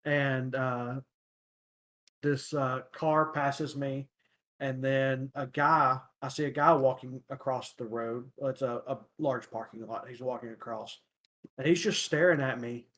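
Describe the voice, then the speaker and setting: A young man chatting casually on a podcast, with a mid-pitched voice. He tells everyday stories haltingly, stopping for fillers and hunting for the right word. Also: steady tone, fairly bright tone. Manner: halting, searching for words with many fillers. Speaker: podcast host. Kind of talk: casual chat.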